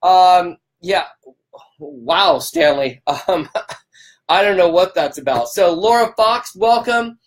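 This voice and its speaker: A man's voice: high-pitched, sing-song, slow pace, creaky. A man hosting a live stream, fired up and emphatic. He repeats himself for emphasis and greets viewers by name. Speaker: livestream host.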